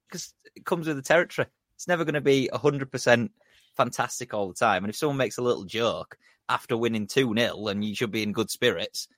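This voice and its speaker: A man's voice: mid-range voice, fast, fairly bright tone, no room sound, studio quality. A man co-hosting a casual sports podcast, blunt and sweary, mocking the people he talks about. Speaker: podcast co-host.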